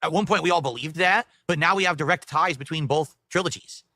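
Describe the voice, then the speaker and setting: A man's voice: fairly high pitch, a little fast, sharp tone, dry recording. A man recapping a video game trailer as a YouTuber, matter-of-fact with dismissive asides.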